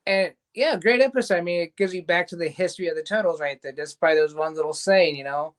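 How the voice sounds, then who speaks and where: A man's voice: fairly high pitch, moderate pace, few pauses, clear, resonant tone. Rambling man recapping a cartoon episode. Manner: rambling recap, loose quoting of scenes. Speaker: show host reviewing a cartoon series. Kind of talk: casual review chat.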